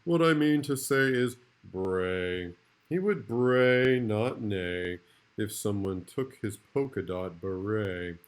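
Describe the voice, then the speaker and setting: Playful male teacher reading a rhyming storybook aloud; slow, very expressive. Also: on the low side. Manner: playful, rhythmic rhyming delivery. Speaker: kindergarten teacher.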